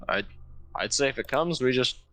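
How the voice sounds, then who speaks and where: A man playing a tabletop game, talking in a lively, joking way. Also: mid-range voice, normal speed, a little hiss or hum. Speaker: player. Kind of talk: casual tabletop role-play.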